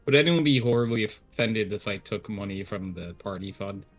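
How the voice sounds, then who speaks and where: A man's voice: fairly low pitch, lively intonation, moderate pace, soft background music. A man playing a tabletop game who laughs often and hesitates with many fillers. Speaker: player.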